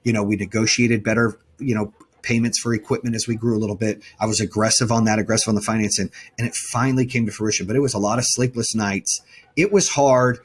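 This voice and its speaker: A man's voice: on the low side, fairly even intonation, fast, breathy edge. A man being interviewed as a company founder, telling his story in a blunt, emphatic way and often correcting himself mid-sentence.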